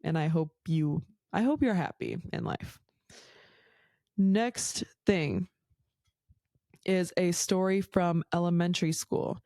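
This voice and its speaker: A woman's voice: fairly low pitch, slow, pauses often, dark tone, no room sound. A woman hosting her own podcast, telling stories casually, full of "like" and swearing. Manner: chatty, swears a lot, says "like" constantly. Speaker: podcast host. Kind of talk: casual storytelling.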